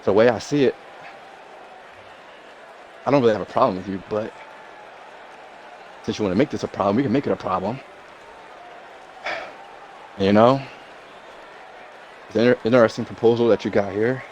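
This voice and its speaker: A man's voice: on the low side, normal speed, long pauses, a little mellow, dull audio, a faint crowd, a little hiss or hum, natural voice. A man voicing a bitter, menacing male wrestler rival in a fan wrestling promo, drawling and repeating "I mean". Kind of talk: wrestling promo role-play.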